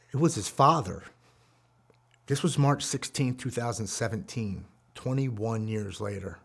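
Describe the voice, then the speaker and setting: A man's voice: medium pitch, gravelly. A man in his forties telling a raw, heartfelt story of his own recovery. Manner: earnest, raw and heartfelt, reliving painful memories. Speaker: guest speaker sharing a recovery story. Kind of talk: personal storytelling.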